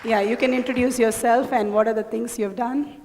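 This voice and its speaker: A woman with a slightly high voice gently talks people through a live demonstration, addressing them politely as she gives instructions. Her handheld-mic sound rings out with a long hall reverb. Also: steady tone, normal speed, a faint crowd, slight background noise. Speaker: demonstration coordinator.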